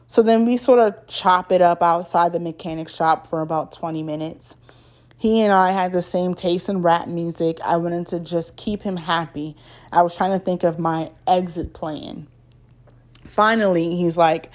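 Woman storyteller, lowish pitch, casual slangy first-person read. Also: unhurried, darkish tone.

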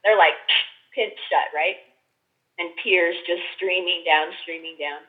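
Woman guest, casual storyteller, animated quoting, dull lo-fi recording. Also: measured pace. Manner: animated, acts out quotes with big pitch jumps. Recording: dull lo-fi sound.

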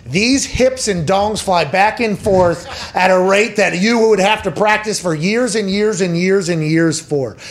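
A man hosting a sports podcast, telling crude comic stories in a loose, joking way. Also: sits high. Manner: animated, crude joking, building comic rants. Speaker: podcast host. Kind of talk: casual sports chat.

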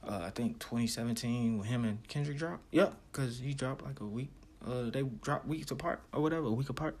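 A man's voice: mid-range voice, brisk, darkish tone. A man hosting a music show, chatting loosely with many fillers and repeats. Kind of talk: casual chat.

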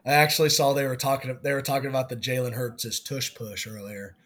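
A man co-hosting a sports podcast in casual chat, giving blunt opinions that trail off softly at the ends. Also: mid-range voice, level tone, a little fast. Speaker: podcast co-host.

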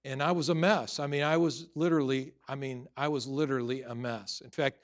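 A man's voice: mid-range voice, fairly even intonation, brisk. A middle-aged man preaching a sermon as pastor, telling personal stories earnestly with frequent restarts and building to emphatic exhortation.

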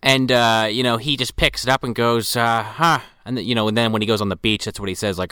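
A man's voice: mid-range voice, fairly even intonation, quick pace, hardly any pauses, pushed and bright, smooth, no echo, studio quality. A man co-hosting a podcast, retelling a movie plot and acting out the dialogue. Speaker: podcast co-host. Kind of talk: comedic movie recap.

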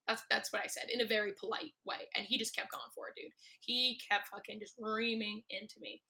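A woman's voice: a little high, level tone, a little fast, hardly any pauses, sharp tone. A young woman hosting a podcast, ranting at home in a candid, rambling way with plenty of swearing. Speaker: podcast host. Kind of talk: casual ranting monologue. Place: home room, recording alone. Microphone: no proper mic.

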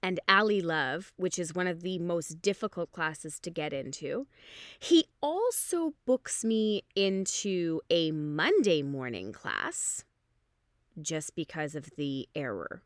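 Lively hungover woman telling a story. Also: slow, no echo, studio quality. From Canada. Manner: animated, acts out quoted people with big pitch jumps. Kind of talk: casual storytelling.

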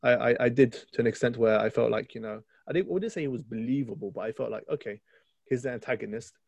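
A man's voice: mid-range voice, fast, vocal fry, darkish tone, slightly rough, dry recording. A man co-hosting a podcast, chatting casually and enthusiastically about a film, rambling with restarts. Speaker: podcast co-host.

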